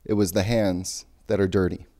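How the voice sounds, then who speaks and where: Young man in a deadpan mock rant. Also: deep voice, moderate pace.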